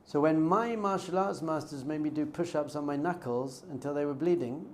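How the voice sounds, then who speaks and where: A man's voice: a little high, normal speed, a little mellow, a little hiss or hum. A man, a rabbi, giving an informal class, telling stories and acting out bits of dialogue. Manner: conversational, storytelling with acted-out dialogue.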